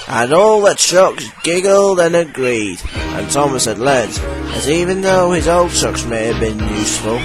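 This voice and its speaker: A man narrates a children's storybook slowly and gently. His voice sits a little high and moves in lively, melodic arcs. Music plays behind him. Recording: background music.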